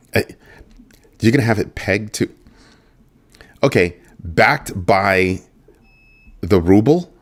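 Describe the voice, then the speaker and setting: A man with a fairly low voice runs a relaxed livestream and chats loosely through the news. He teases his viewers playfully and drops a wry "just saying" again and again. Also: very slow, long pauses, husky. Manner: joking banter with chat, repeats "just saying". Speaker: host of a crypto news livestream. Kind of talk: casual livestream commentary.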